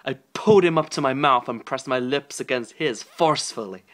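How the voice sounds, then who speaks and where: A man's voice: medium pitch, fairly quick, a bit bright, lightly acted. A young man reading aloud in character as a lustful young Irish male pop singer, with a shaky put-on Irish accent and over-dramatic, stumbling delivery. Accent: put-on Irish, poorly done.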